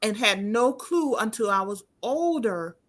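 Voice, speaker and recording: A woman's voice: fairly high pitch, animated, unhurried. A woman hosting an interview in a chatty, personal way, often restarting her phrases. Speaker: host. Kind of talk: conversational interview.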